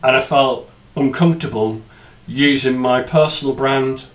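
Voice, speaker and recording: A man's voice: mid-range voice, measured pace. A man hosting a podcast, chatting casually and cracking self-mocking jokes. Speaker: podcast host.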